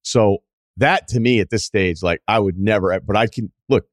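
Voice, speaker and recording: A man from the Boston area hosting a podcast, telling stories in a casual, animated way, acting out quotes and swearing freely. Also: on the low side, normal speed, no echo, studio quality. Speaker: podcast host and longtime radio host. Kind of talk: casual storytelling chat.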